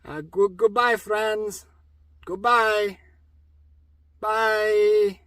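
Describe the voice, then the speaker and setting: A man's voice: high-pitched, steady tone, drawn-out words, bright, forceful tone, no echo. A man retelling a story in a comic persona, talking in rambling broken English.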